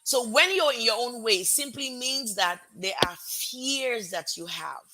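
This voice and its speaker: A woman hosts a motivational live stream with an accent that blends American and Nigerian. Her voice is bright and forceful, and her delivery stays energetic and conversational. She greets her audience warmly and stops now and then to correct her own words. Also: on the high side, unhurried, a little hiss or hum. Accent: American-Nigerian mix. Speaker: host.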